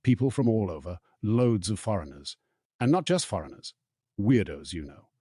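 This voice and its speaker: Man doing a wary campsite keeper, blunt questions, husky, low, audiobook figure. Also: very animated, normal speed, mellow, dry recording, studio quality. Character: suspicious middle-aged male campsite keeper.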